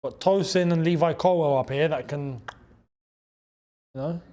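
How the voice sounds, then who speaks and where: A young man hosting a live football watchalong, reacting to the match, shouting at big chances, groaning at misses and thanking viewers in the chat. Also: fairly high pitch, a little slow. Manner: chatty, reads out and thanks chat members.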